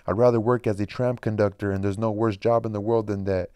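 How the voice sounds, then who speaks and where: Mischievous talking tomcat for an audiobook, loud and brash, read by a man, smooth low voice. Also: steady tone, fast, no echo, natural voice. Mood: scoffing. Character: garrulous mischievous talking male cat.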